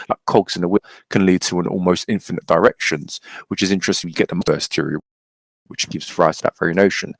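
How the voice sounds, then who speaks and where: A man's voice: low-pitched, no echo. A man giving his opinions as a podcast guest, arguing point by point. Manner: argumentative, reasons point by point.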